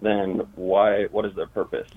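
Deep husky dude calling in, tinny phone line, kinda hesitant asking. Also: male voice, flat delivery, unhurried. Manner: hesitant, questioning. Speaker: caller.

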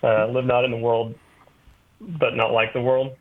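A man's voice: medium pitch, little pitch movement. Friendly male caller on a tinny phone line. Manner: friendly, halting with fillers. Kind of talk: casual phone call.

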